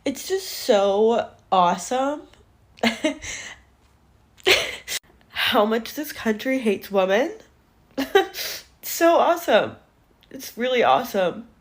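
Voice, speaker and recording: A woman's voice: on the high side, sing-song, slow, long pauses. A woman speaking sarcastically to camera and laughing bitterly between phrases.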